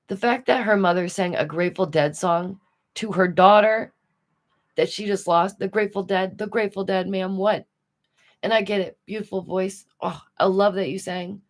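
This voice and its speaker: A woman hosts a commentary livestream, speaking to her audience in a casual, animated way and tossing out rhetorical questions. Her voice is medium-pitched and her pace is normal.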